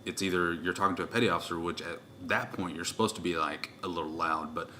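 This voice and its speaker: A man in his twenties hosting a podcast, telling stories in a loud, rowdy, casual way. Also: sits low, fairly even intonation, quick pace, a little hiss or hum. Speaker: podcast host. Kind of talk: casual chat.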